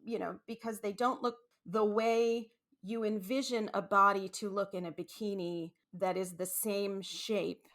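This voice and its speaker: A woman hosting her own podcast in an easy, unscripted monologue. She rambles and circles back, restarting sentences and tossing in asides, with lively bursts of emphasis. Her voice sits at a middling pitch. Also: unhurried, few pauses. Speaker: podcast host. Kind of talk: casual solo podcast monologue.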